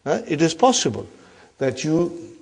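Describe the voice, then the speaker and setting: A man's voice: fairly high pitch, very animated, unhurried. A man teaching an Arabic grammar lesson, explaining step by step, repeating key terms and often asking the class if they follow. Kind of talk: classroom lecture.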